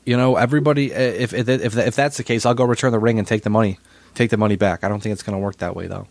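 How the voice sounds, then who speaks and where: Fast-talking man, rambling podcast chat. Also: fairly low pitch, no echo. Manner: rambling, repeats words while telling a story. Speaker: podcast co-host. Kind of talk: casual chat.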